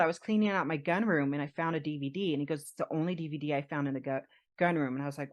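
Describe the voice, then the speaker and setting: A woman podcast co-host telling a personal story in casual chat, animated, laughing often and acting out what others said. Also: deep voice, racing.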